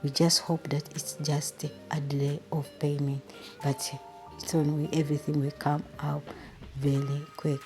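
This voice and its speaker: A woman with a low, mellow voice retells the episodes of a drama series and reacts to them. She talks straight to her viewers in an animated, emotional way, as a review channel host. Soft music plays faintly behind her. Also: a little slow.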